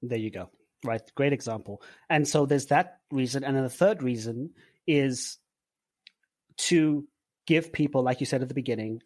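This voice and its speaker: A man in his forties from Zimbabwe, a podcast guest talking in a relaxed, rambling way with filler words. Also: mid-range voice, dry recording. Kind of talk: casual interview chat.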